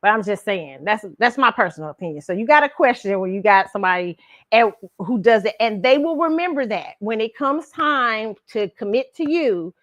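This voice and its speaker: A woman's voice: fairly high pitch, moderate pace, no room sound. Chatty middle-aged woman host, dry sound. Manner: casual, animated storytelling with frequent laughs. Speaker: show host. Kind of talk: pop culture commentary.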